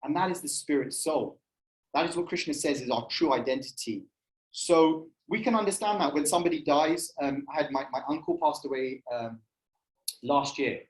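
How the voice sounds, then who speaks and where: A man with a slightly high voice leads a relaxed group session on spiritual ideas. He talks loosely and full of fillers, and he keeps turning to the room with questions. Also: low-quality recording. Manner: conversational, many fillers, asks the room questions. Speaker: spiritual society session leader. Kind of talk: casual talk with audience questions. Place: room with in-person and online audience.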